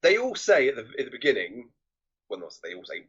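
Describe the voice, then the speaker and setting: A man's voice: medium pitch, huge pitch swings, fairly quick, a bit bright, highs cut off. A man co-hosting a casual film podcast, talking hesitantly and often repeating words. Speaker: podcast co-host.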